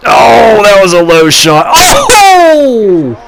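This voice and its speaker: A man doing play-by-play commentary over a wrestling video game, getting excited and shouting at big moves. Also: sits high, drawn-out words, gravelly, dry recording.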